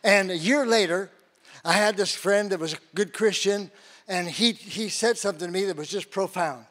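High-voiced man telling a testimony sermon. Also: normal speed, fairly bright tone. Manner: storytelling with acted-out quotes and laughs. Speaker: guest preacher.

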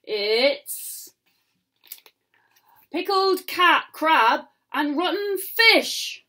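A woman's voice: sits high, lively intonation, very slow, voice pushed up, heavily acted. A woman voicing a jolly, rowdy pirate crew in a picture-book reading. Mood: hearty. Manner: loud, hearty, drawn out.

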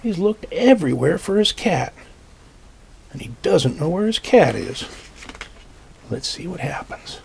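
A man reading a picture book aloud to children, gently explaining the pictures as he goes. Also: sits high, very animated, unhurried, vocal fry, pauses often, slight background noise. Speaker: storytime reader.

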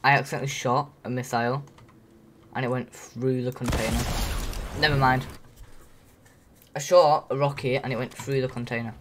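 A woman's voice: extremely low pitch, normal speed, long pauses, slight background noise. A woman chatting and teasing a friend while playing a computer game. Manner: teasing, excitable, laughs often. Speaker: gaming video creator. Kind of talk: casual gaming banter. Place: indoors at a computer.

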